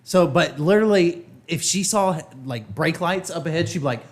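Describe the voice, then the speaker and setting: Animated man telling stories on a podcast. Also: a little high, normal speed, few pauses. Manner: animated storyteller, swears freely. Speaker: podcast host. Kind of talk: casual storytelling chat.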